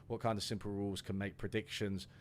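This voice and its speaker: A man's voice: lowish voice, flat delivery, fast, a little hiss or hum. A man, a guest talking through an economics idea in a loose, rambling way with restarts and fillers. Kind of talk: casual discussion.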